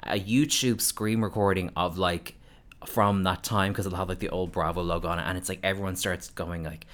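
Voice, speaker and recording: A woman co-hosting a casual chat podcast, animated, laughing often and mimicking quotes. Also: rumbling low, normal speed. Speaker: podcast co-host.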